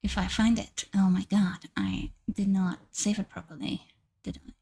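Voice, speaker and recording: A woman streaming live and chatting casually with her viewers, repeating herself and gushing in high squeals. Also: normal speed, warm tone, breathy edge.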